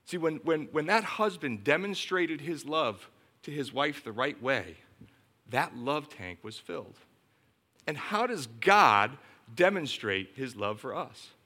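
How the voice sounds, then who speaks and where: A man's voice: fairly high pitch, lively intonation, unhurried, pushed and bright. A middle-aged man preaching a sermon as a pastor, emphatic and storytelling.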